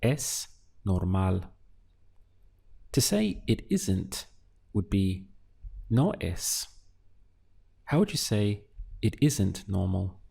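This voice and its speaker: Man, language teacher, unhurried, patient, dark mellow voice. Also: deep voice, creaky, slightly rough. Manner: calm, patient, pauses for listener to answer. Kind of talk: slow, deliberate language lesson.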